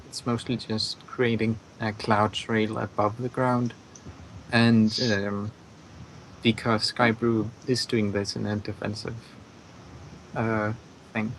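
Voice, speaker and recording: A man's voice: mid-range voice, creaky, slight background noise, rough recording. A man playing a tabletop game, explaining his move hesitantly with many fillers. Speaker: player. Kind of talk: casual chat at a game table.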